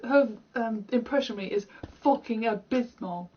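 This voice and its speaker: A young British woman, a gaming streamer, chats and rambles at home while playing a game, laughing at herself in a self-deprecating way. Her voice is fairly high and her pace moderate. The audio sounds dull, with background noise.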